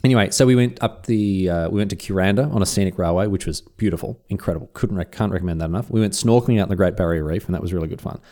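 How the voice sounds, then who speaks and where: Mellow-voiced man, casual chat. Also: low-pitched, rapid-fire, hardly any pauses. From Australia. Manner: rambling storyteller, playful trivia delivery. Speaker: podcast co-host.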